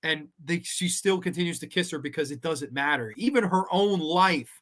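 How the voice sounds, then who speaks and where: A man's voice: fairly high pitch, moderate pace, fairly bright tone. A man hosting a live horror movie show, talking casually and enthusiastically with loose rambling phrasing and frequent swearing.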